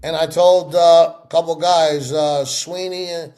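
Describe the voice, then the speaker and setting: A middle-aged man in a sit-down interview, telling stories with lively acted-out voices. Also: a little high, a little slow. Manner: animated storyteller acting out quoted voices. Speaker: interview guest.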